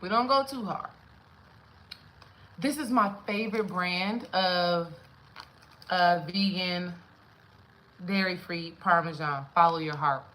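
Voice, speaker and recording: A young adult woman, a spiritual coach, cooks at home on camera for a casual vlog, chatting with viewers, singing along to songs, and laughing as she goes. Her lowish, fairly bright voice takes things slowly with long pauses. The recording is low quality, with a little hiss or hum.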